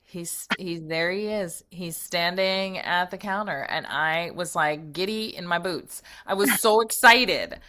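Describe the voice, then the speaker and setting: A woman's voice: lowish voice, measured pace, few pauses. A middle-aged woman, a guest in an interview, telling a story with lots of laughter and acted-out thoughts. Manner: lively, laughs often, acts out her own thoughts. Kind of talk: animated storytelling.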